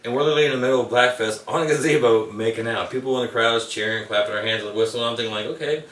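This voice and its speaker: Male interview guest, quick, rambling storyteller, recorded off-mic in a roomy space. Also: mid-range voice, fairly bright tone. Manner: rambling anecdotes. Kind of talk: casual storytelling. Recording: echoey room, mic at a distance.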